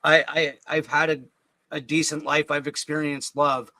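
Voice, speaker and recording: A middle-aged man speaks as an interview guest, his voice strikingly bright and set a little high. He tells his story earnestly, stumbling and repeating words as it moves him, and the sound is close and dry. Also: level tone, no echo, rough recording. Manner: earnest, halting, repeats words when emotional. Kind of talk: personal storytelling.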